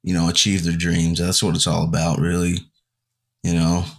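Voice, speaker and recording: Low-voiced rambling man. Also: moderate pace. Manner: relaxed, rambling, filler-heavy. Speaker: podcast co-host. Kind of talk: casual chat.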